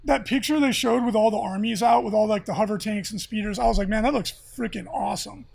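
A man co-hosting a podcast, chatting casually and excitably about tabletop miniatures with jokes and mock rants. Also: sits high, fast, creaky, breathy edge. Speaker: podcast co-host. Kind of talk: casual hobby chat.

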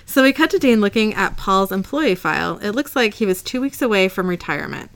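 Speaking briskly at medium pitch, this woman has lively intonation, vocal fry, and a fairly bright tone. As a podcast co-host in a home room, she keeps things casual while recapping an episode, retelling scenes, delivering quotes plainly, and laughing a lot.

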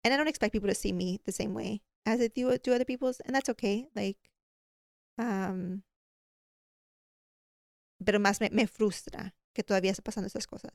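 Brief: woman guest, smooth voice, dry close sound, candid. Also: mid-range voice, steady tone, fairly quick, long pauses, dry recording. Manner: candid, frustrated, switching into Spanish. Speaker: dental hygienist and professor, guest. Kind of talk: conversational interview.

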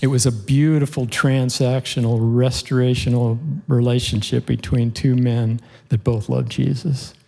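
A man's voice: mid-range voice, level tone, a little slow, creaky, hardly any pauses. A man preaching, telling a heartfelt story to his congregation in an earnest way. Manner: earnest, heartfelt storytelling with occasional soft laughs. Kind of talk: sermon storytelling.

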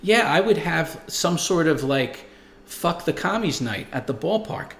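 A man's voice: a little high, animated, unhurried, fairly bright tone, echoey room. A man in his forties hosting a show, telling stories and reading viewer comments in a rambling, profane, emphatic way. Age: 40s. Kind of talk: casual monologue.

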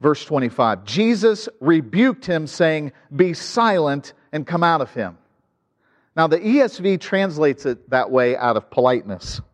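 Conversational preacher in a reverberant hall. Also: male voice, on the high side, very animated, measured pace. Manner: conversational preaching with asides and rhetorical questions. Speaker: pastor. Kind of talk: sermon.

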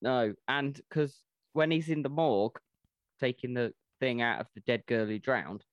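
A man's voice: medium pitch, a little slow, no room sound, lo-fi sound. Jokey man, casual swearing. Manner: jokey, swears casually, short agreeing replies. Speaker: podcast co-host. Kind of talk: casual film review chat.

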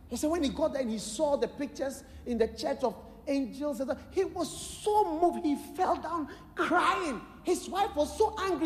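A man with a Ghanaian English accent preaching a sermon, telling a story with lively acted-out voices and bursts of shouted prayer. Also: very high voice, a little slow. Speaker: bishop preaching. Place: large church hall. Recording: echoey large hall, live sermon.

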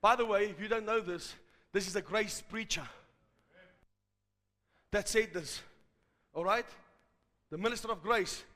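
A man preaching a fervent sermon to a live congregation, rising to shouts at its peaks. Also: high voice, unhurried, pauses often. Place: large church hall. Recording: hall reverb from a live service.

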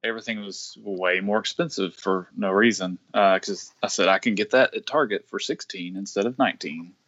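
A man's voice: lowish voice, moderate pace, a bit bright, dull audio. A man co-hosting a casual podcast, chatting in an easygoing way. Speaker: podcast co-host.

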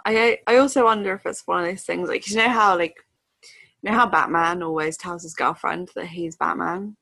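Woman, podcast co-host, lower register, dry booth sound, casual and animated. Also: moderate pace, creaky, no echo. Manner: chatty, acts out quotes in silly voices. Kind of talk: casual book discussion.

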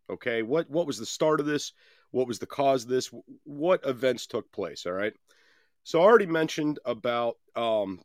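A man's voice: medium pitch, no echo, studio quality. A man hosting a podcast, telling a story in a casual, conversational way with frequent restarts and some swearing. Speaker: podcast host.

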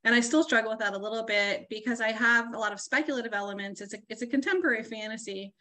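A woman author chatting casually, thinking aloud about her book with many pauses and fillers. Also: fairly high pitch, pushed and bright. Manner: thoughtful, hesitant, many fillers. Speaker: author guest. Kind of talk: casual chat.

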